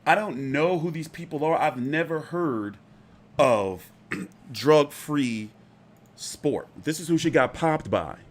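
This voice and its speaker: A man's voice: fairly high pitch, lively intonation, slow pace. A man hosting a boxing channel, talking through fight news in a loose, chatty way, swearing freely and filling with "like" and "you know.". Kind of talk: casual fight commentary.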